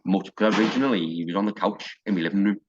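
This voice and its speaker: A man's voice: on the low side, steady tone, fast talker, breathy edge, muffled recording. A man, a wrestling coach telling stories in casual podcast chat, rambling with restarts and quoted dialogue. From North West England. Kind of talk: casual storytelling.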